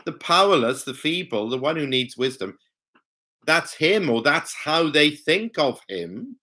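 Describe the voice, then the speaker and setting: A man preaching a Bible study sermon, teaching slowly and emphatically and letting his pitch swing widely on key words. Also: lively intonation, pushed and bright.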